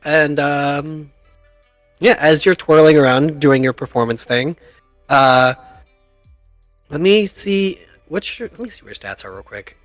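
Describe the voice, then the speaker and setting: A man's voice: a little high, a little slow, pauses often, fairly bright tone, dry recording, soft background music. Chatty male game master, dry close mic. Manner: chatty, laughs often at his own jokes. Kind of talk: narrating a tabletop game.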